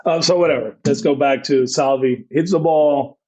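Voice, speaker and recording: A man's voice: on the high side, normal speed, mellow, poor audio. A man in his forties, a baseball manager, telling rambling stories as a podcast guest, full of fillers and acted-out quotes. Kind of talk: casual storytelling interview.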